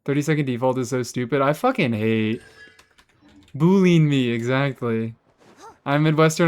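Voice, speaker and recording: A sarcastic young man talks to his live chat from a home gaming setup, teasing viewers and swearing freely. His voice is smooth and clear, sitting at an ordinary middle pitch, picked up on a desk mic. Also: moderate pace, long pauses. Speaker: streamer. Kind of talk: casual game stream chat.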